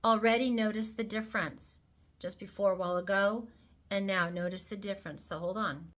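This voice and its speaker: A woman's voice: mid-range voice, fairly even intonation, fairly quick, fairly bright tone. Chatty lady walking you through her makeup step by step, playful little asides. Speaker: makeup tutorial presenter. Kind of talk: casual how-to demonstration.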